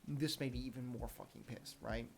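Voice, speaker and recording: A man's voice: mid-range voice, fairly even intonation, normal speed, creaky, darkish tone, slight background noise. A young man hosting a solo podcast, telling a story in a heated, profane rant. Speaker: podcast host.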